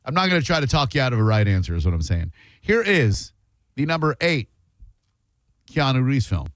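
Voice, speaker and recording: A man's voice: mid-range voice, big pitch swings, a little fast, a bit bright, no echo. A man hosting a radio show in casual chat, running a movie-clip quiz with teasing, mock-formal banter. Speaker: radio host. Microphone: studio microphone.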